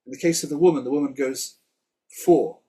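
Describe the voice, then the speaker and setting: A man teaching Hebrew words in a relaxed Torah study conversation, chatty and quick to laugh. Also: mid-range voice, husky. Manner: chatty, laughs often, explains word by word. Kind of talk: casual Torah study chat.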